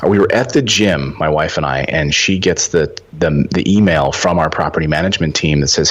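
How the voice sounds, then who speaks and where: A man in his forties telling a story as a podcast guest, animated and acting out the dialogue. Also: a bass voice, fairly quick, hardly any pauses. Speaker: podcast guest, real estate investor. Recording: dull lo-fi audio.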